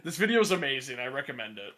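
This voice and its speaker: A man co-hosting a podcast in casual chat, laughing often and sounding relaxed and a bit worn out. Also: medium pitch, very fast. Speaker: podcast co-host.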